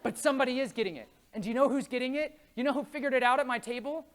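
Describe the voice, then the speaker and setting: A man giving a lively, jokey faith talk at a conference, speaking to a live audience and telling stories. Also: very high voice, racing. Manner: lively, jokey, acts out quoted voices. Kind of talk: animated faith talk with storytelling.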